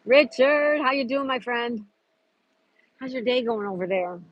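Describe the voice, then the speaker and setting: A woman's voice: a little high, expressive, measured pace, no room sound, lo-fi sound. A woman hosting a casual live stream outdoors at a park, chatting and greeting viewers by name as she reads their comments. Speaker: livestream host.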